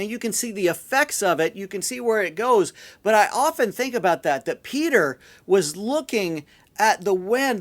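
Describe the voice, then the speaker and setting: A male pastor giving a sermon in a relaxed, conversational storytelling way, often repeating words as he goes. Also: sits high.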